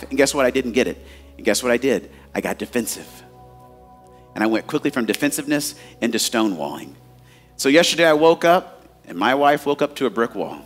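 A man's voice: medium pitch, a bit bright. A man in his forties preaching a sermon as a pastor, telling candid, self-mocking stories and addressing the crowd as guys.

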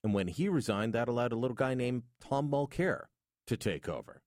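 A man's voice: mid-range voice, animated, fairly quick, darkish tone, no room sound, clean studio sound. A man hosting a radio talk show, chatty, with asides between segments. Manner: chatty, asides and station plugs. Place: radio studio.

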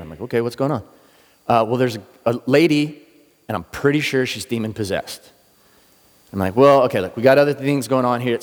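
Brief: middle-aged man, mid-pitched preacher, animated storyteller, long hall echo. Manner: animated storyteller acting out quoted voices. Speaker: pastor. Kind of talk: sermon storytelling.

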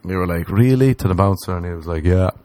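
A man's voice: low-pitched, fast, darkish tone, no room sound. A man, a comedian telling a rambling story in casual chat, swearing and acting out the people he quotes. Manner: swearing, acts out quoted voices.

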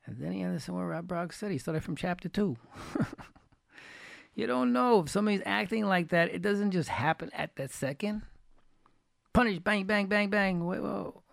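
A religious teacher with a rough, gravelly, slightly high voice gives a Torah talk full of folksy anecdotes, quoting dialogue and repeating key phrases to hammer them home. He's animated and moderately paced, and the sound is dry and close with no room sound.

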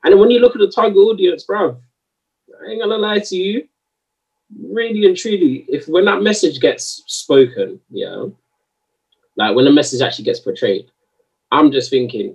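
A man's voice: high voice, moderate pace, creaky, pauses often, slightly rough, recorded from a distance, rough recording. A man in a heated, slangy podcast discussion, arguing his point. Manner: animated, slangy, argumentative.

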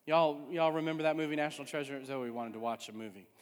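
Speaking fast, a pastor delivers an emphatic sermon, hammering his points and returning to the same refrain over and over. His voice is fairly high for a man, and a long hall reverb makes every word ring out.

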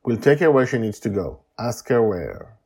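Justin, a calm protector, as a man reads him. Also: moderate pace, breathy edge, full character voice. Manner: low, calming. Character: cautious man protector, trying to sound calming.

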